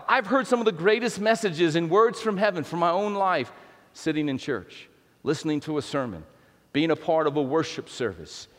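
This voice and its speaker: A high-pitched male pastor preaches in a church sanctuary, keeping it chatty and often restarting his sentences. His voice rings out with the long reverb of a large hall. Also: a bit bright. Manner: conversational preaching with repeated restarts and playful asides. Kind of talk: sermon.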